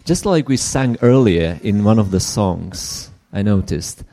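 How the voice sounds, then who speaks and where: A man preaching a sermon in English, which is not his first language. He speaks earnestly, often restarts, and drops to hushed asides. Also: fairly low pitch, expressive, measured pace, few pauses.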